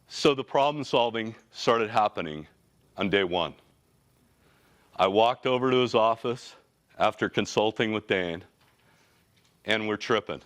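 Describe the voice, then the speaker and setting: A man in his forties, a company CEO, giving a motivational talk with energetic, casual and slangy storytelling. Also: mid-range voice, normal speed. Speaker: company CEO, guest speaker.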